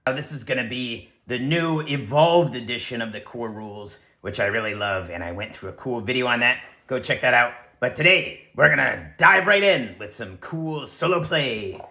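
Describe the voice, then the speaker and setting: A man narrating his solo tabletop game, excitable and acting scenes out with sound effects and shouted lines. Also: medium pitch, moderate pace, few pauses. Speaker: game master and solo player.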